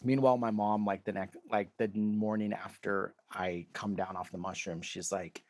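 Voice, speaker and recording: A man's voice: lowish voice, little pitch movement, normal speed, a little mellow, dry recording. Rambling storytelling man, dry mic. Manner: rambling, heavy use of "like", acts out quoted voices. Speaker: comedian guest. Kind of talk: casual storytelling.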